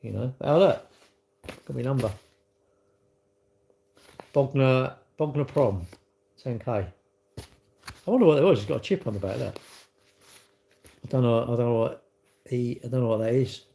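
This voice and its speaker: A man hosting a chatty live-stream speaks at normal speed in a mid-range, warm, creaky, animated voice, pausing often. He rambles bluntly and offhandedly from one thought to the next, laughs easily, reads viewer comments, and talks to his audience as if they were in the room.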